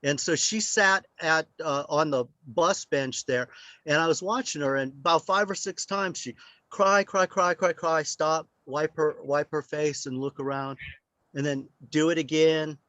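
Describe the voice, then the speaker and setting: A man's voice: a little high, unhurried, sharp tone, no room sound. An older man speaking as a guest, telling rambling anecdotes. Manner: rambling, anecdotal, with many fillers. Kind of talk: storytelling.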